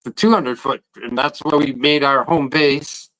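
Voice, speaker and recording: A man's voice: medium pitch, a little slow, sharp tone, low-quality recording. A man, talking casually and rambling about protesting outside a court, often restarting his sentences. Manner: rambling, repeats words when starting sentences. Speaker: guest protester. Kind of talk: casual podcast chat.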